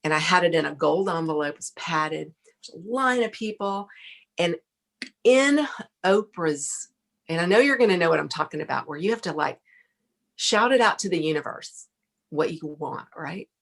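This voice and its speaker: A middle-aged woman, a podcast guest, telling a lively story, laughing often and acting out what people said. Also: on the low side, normal speed, gravelly. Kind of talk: casual storytelling interview.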